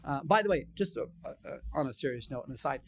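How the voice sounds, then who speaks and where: A man, a psychologist, giving a conference training session in a conversational, animated way, acting out quotes from his patients. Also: medium pitch, fast, gravelly, slight background noise. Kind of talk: conference lecture.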